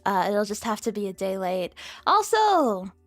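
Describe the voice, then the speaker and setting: A woman's voice: sing-song, measured pace, no room sound, faint music behind. Giggly, swearing young woman streamer. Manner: rambling, giggly, swears freely, swings into squeaky high bits. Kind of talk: casual chat with viewers.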